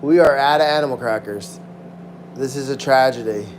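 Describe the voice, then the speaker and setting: A man caring for animals at a sanctuary, chatting casually and excitedly on a livestream and thanking donors as he goes. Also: medium pitch, normal speed, a little hiss or hum. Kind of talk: casual live-stream chat.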